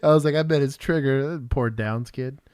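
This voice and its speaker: A man's voice: medium pitch, moderate pace, a little mellow, clear, resonant tone, no room sound, clean studio sound. A middle-aged man from Texas, a former police officer co-hosting a show, chatting casually and telling rambling stories with laughs. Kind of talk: casual chat reacting to bodycam clips.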